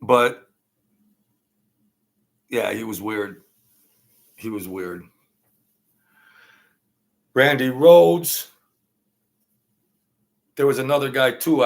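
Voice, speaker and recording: A man hosting his own channel, telling a long casual story in a rambling, halting way, full of fillers and restarts. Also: mid-range voice, creaky. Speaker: channel host telling stories.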